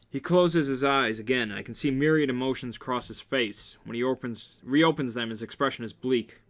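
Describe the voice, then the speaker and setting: A man's voice: mid-range voice, normal speed, few pauses, fairly bright tone. A man reading a romance novel aloud in a casual amateur way, with small slips and restarts. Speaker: reader.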